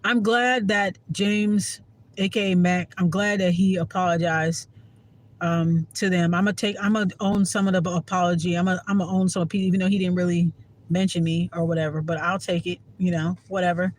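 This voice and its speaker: In a low-quality recording with slight background noise, a man talks to camera in a high-pitched voice that barely moves in pitch, at normal speed. He's a Washington DC-area spiritual vlogger whose casual monologue is candid and rambling, heavy on swearing and fillers.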